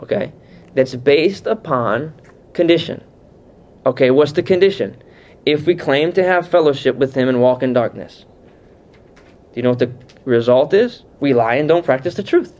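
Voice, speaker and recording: A man leads a Bible class, slightly higher-pitched than most, with a lively, conversational delivery. He keeps asking his listeners questions. The recording sounds muffled and lo-fi. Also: normal speed. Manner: animated, conversational, asks the room questions. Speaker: pastor teaching a Bible class. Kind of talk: teaching sermon.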